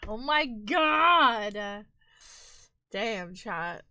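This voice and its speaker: Bright, playful woman streamer. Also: medium pitch, animated, very slow, dry recording. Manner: playful, teasing, mock-dramatic. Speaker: livestream host. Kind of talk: casual chat with viewers.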